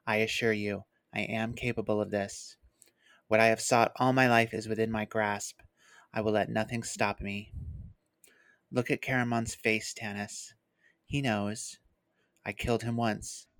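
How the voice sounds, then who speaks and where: A reader voicing a frail, bitter male mage, speaking softly and calmly in a read-aloud novel passage, with a dry close sound. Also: medium pitch, a little slow, no room sound. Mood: cold, calm. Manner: soft, quiet and gentle.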